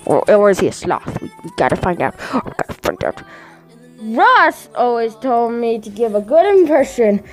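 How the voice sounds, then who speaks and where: A woman's voice: fairly high pitch, very animated, moderate pace, soft background music. A woman casually reading fan fiction aloud into a microphone, giggling, stumbling over words and adding chatty asides. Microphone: desk microphone.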